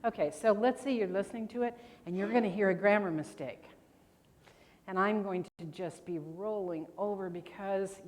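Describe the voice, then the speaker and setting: A woman's voice: mid-range voice, darkish tone. Older woman quizzing a convention hall. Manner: chatty, quizzes the audience. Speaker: grammar presenter. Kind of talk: convention workshop talk. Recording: long hall reverb.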